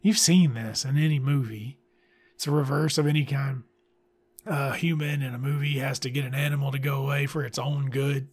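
A man's voice: mid-range voice, fairly even intonation, normal speed. A man reviewing a book in casual commentary, blunt and sarcastic, swearing freely.

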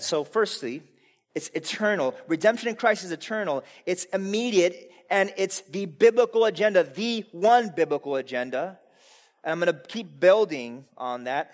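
Animated high-voiced male preacher. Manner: conversational, asks the congregation rhetorical questions; casual fillers, swings between loud emphasis and quiet asides. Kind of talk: sermon.

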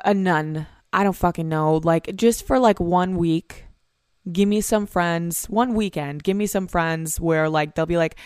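Low-voiced young woman rambling casually. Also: clean tone, dry recording, studio quality. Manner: rambling, profane, full of "like" and "um". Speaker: podcast host. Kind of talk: casual confessional monologue. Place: at home.

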